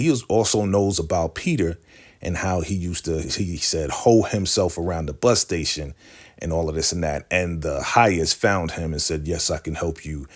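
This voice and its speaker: A deep-voiced man walks through a TV episode in a casual recap, slangy and chatty. He keeps tossing in asides as he retells each scene, sounding like a friend catching you up. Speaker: recap show host.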